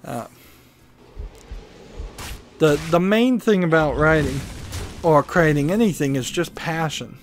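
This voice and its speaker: Slow-talking man musing over gameplay. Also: a little high. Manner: meandering, musing, thinks aloud. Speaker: gaming video host. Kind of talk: rambling commentary while playing.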